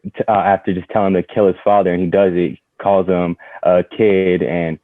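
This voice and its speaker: A man on a podcast panel with a very deep, flat voice. He speaks in a relaxed way, with frequent fillers. His voice comes through a tinny, phone-like call line. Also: moderate pace, dry recording. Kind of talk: casual podcast discussion.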